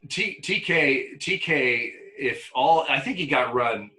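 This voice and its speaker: A bright-voiced older man telling umpire stories. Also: medium pitch, slow pace, low-quality recording. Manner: animated, laughs often, repeats words. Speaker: former umpire. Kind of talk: casual interview storytelling.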